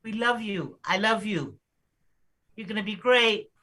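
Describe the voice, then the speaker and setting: A woman's voice: medium pitch, measured pace, sharp tone. A woman city councilor giving a playful, teasing tribute. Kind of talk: joking tribute over a video call.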